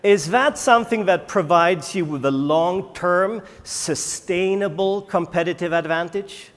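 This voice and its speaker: A man, a native Swedish speaker, giving a conference keynote and firing rhetorical questions at the audience with dramatic pauses. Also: sits high, a bit bright. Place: large conference hall. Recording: echoey conference hall.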